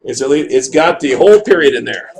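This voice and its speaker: A man with a mid-range, creaky voice speaks briskly in a rough recording with a little hiss or hum. It's a math class lecture: he animatedly talks through graphs and checks in with students, asking for their confirmation.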